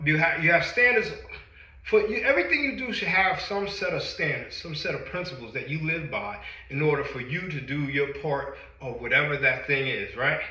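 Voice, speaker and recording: Energetic, winded male fitness coach. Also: on the high side, echoey room, low-quality recording. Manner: energetic, repeats phrases, talks straight to viewers. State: out of breath after a workout. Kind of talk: motivational talk to camera.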